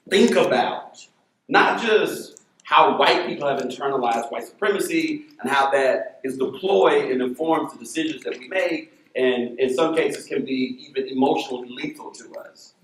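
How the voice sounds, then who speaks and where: A man moderating a university panel, telling family stories in an animated way before putting a question to a panelist. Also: medium pitch, measured pace, echoey room, rough recording. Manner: animated, acts out quoted voices. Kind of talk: storytelling then posing a question. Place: lecture hall.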